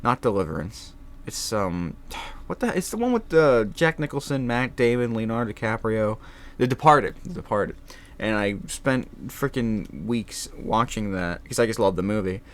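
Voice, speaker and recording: A young man talking casually on his vlog, animated and swearing freely, laughing often. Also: lowish voice, normal speed. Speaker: vlogger. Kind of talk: casual chat.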